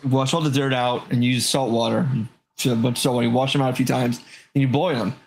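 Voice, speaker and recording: A man in his thirties chatting casually, an animated storyteller who swears freely. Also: mid-range voice, quick pace, creaky. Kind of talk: casual chat.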